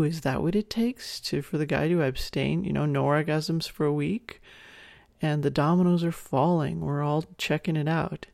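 A woman's voice: deep voice, darkish tone, dry recording, clean studio sound. A woman in her forties hosting a solo podcast, talking frankly and chattily as she gives instructions. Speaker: podcast host. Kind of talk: candid solo podcast talk.

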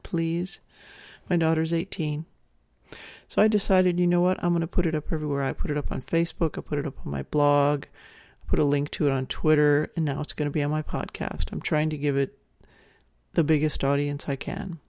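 A woman in her forties, with a low, darkish voice, hosts a solo podcast and speaks frankly and chattily while giving instructions. The sound is clean studio quality without echo.

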